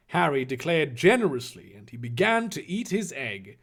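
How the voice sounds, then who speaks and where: Guy reading cringey fanfic out loud w/ snarky asides, high voice, really lively. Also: moderate pace, hardly any pauses. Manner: sarcastic asides, swearing. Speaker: reader. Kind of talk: comedic reading of fan fiction with commentary.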